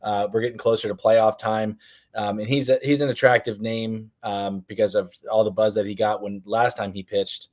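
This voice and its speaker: Answering viewer questions on a live fantasy baseball stream, this co-host speaks at normal speed in a voice on the low side with little pitch movement. His talk is casual and loose, peppered with ums and restarts.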